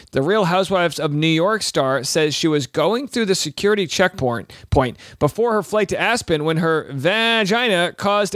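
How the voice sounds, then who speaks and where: A man with a fairly high voice riffs through the day's headlines as a comic host. He jokes, rambles and corrects himself as he goes, recorded close on a dry mic. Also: fairly bright tone, no room sound. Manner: joking asides, rambling and self-correcting. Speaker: comedy news show host. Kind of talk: comic news commentary.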